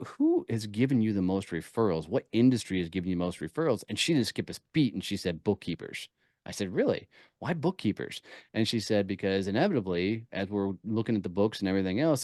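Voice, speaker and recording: A man talking as a podcast guest, telling energetic stories with punchy emphasis. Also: lowish voice, dry recording, studio quality. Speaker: podcast guest, networking speaker. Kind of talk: casual interview talk.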